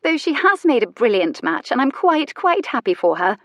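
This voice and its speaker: A woman's voice: high voice, very animated, moderate pace, fairly bright tone, no echo, voice pushed up. A woman voicing a prim, easily flustered young society lady who speaks with indignant primness, in an audiobook character voice.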